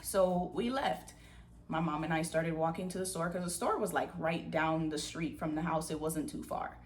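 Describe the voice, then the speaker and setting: Animated young woman telling a story. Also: low voice, moderate pace, a little hiss or hum. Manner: animated storytelling with acted-out quotes, says "y'all". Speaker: vlogger. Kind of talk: storytime vlog.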